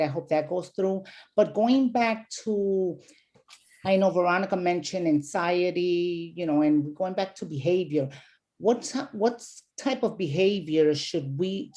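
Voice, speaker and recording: A woman's voice: on the low side, dark tone. A woman moderating a church video panel, talking casually with some hesitation. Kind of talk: hosting a live panel. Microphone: video call.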